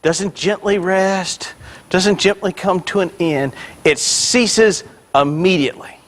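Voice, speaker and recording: A male pastor preaching a sermon with energy, swelling loud on key points and dropping in joking asides to the congregation. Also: high-pitched, takes it slowly.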